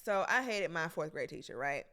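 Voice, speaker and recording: A woman's voice: deep voice, big pitch swings, fairly bright tone. A young woman co-hosting a podcast, telling a school story in a blunt, profane, casual way. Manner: blunt and profane, quick reactions. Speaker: podcast co-host. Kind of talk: casual chat.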